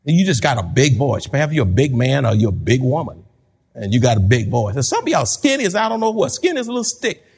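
A pastor preaching a sermon, animated, repeating words and laughing between points. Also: male voice, mid-range voice, quick pace, breathy edge.

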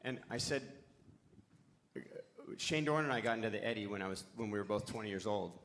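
A man's voice: on the low side, fairly quick, a bit bright, slight background noise. A middle-aged man on a live panel telling a long, rambling story, swearing freely and losing his thread.

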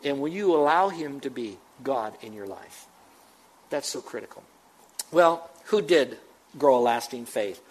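A man's voice: mid-range voice, expressive, unhurried, low-quality recording. A man preaching a sermon to his congregation as pastor, emphatic and rising to urgent questions.

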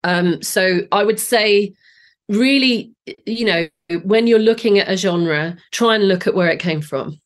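A woman's voice: medium pitch, a little slow. A woman in her late forties with a Southeast English accent, a singing teacher guest explaining her ideas with enthusiasm and frequent restarts. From Southeast England. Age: 40s. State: voice a bit off today. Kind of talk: podcast interview.

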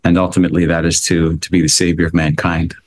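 A man's voice: sits low, level tone, a little hiss or hum. A man, an actor being interviewed, answering thoughtfully with frequent fillers and restarts. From American. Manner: halting, many restarts and fillers. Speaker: actor guest.

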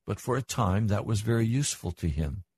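A man's voice: expressive, fairly quick, darkish tone, slightly rough, no echo. An older man preaching a sermon as pastor, earnest, with his voice rising for emphasis. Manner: earnest, rises in pitch for emphasis.

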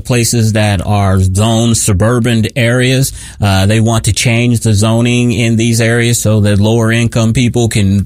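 A man co-hosting a political talk radio show, explaining his points at a measured pace with many fillers. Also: on the low side, darkish tone, no echo. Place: radio studio. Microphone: studio microphone.

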